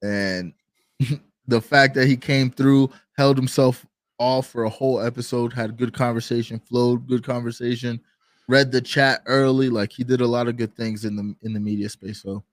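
A man's voice: medium pitch, steady tone, normal speed, no echo, studio quality. Laid-back slangy male co-host. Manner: slangy and laid-back, trails off mid-sentence. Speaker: podcast co-host. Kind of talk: casual chat.

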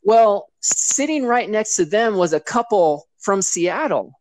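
A man's voice: sits high, measured pace. A man who performs as a sports mascot, telling a story in casual chat and animatedly acting out other people's lines. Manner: animated, acts out others' voices in quotes.

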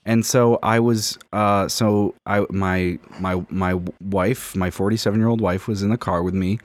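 Low-voiced young man rambling a story. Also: fairly even intonation, a little slow. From Miami. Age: 20s. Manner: rambling, self-mocking storytelling. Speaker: podcast co-host. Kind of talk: casual podcast chat.

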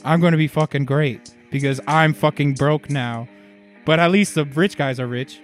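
A man's voice: on the high side, normal speed, faint music behind, natural voice. A man doing a mocking impression of a smug, nasal-voiced, middle-aged bald investor.

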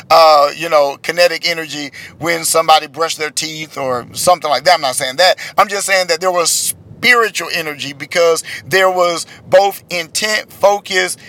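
Man, high bright voice, casual rambling rant, in a car. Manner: rambling, exasperated, heavy fillers. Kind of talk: casual chat.

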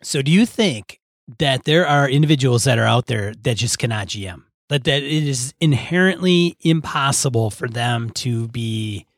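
Mid-voiced guy on a podcast, halting, thinking out loud, dry sound. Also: mid-range voice, lively intonation, dry recording. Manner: hesitant, thinking aloud. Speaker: podcast co-host. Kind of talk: casual chat.

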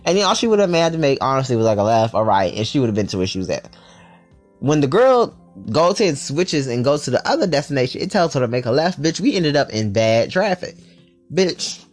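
Sassy, animated young man telling a story. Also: medium pitch, a little fast, soft background music. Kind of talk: casual storytime vlog.

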